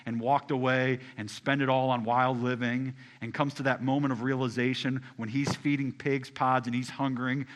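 A male pastor preaching a sermon in a bright, forward voice. He keeps his phrasing casual and talks directly to the congregation. He drops to hushed lines and then climbs to loud, rising ones. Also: medium pitch.

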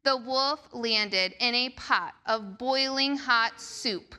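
A woman reading a picture book aloud to children during a church service, slow and expressive. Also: fairly high pitch, clean tone. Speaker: children's storyteller.

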